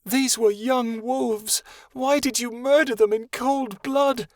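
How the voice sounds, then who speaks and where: A man voicing a young female dragon who is gentle, tearful and defiant, in an emotional, pleading manner. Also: high voice, expressive, moderate pace, no echo, voice pushed up.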